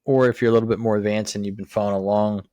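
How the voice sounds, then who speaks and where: A man with a very deep voice and very little pitch movement gives lawn care instructions. He talks in an easy, practical way, dotted with "uh" and "um". The sound is dry and close to the mic. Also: level tone, very fast, dark tone, dry recording. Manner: plain how-to explaining with many "uh"s. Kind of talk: casual instructional talk.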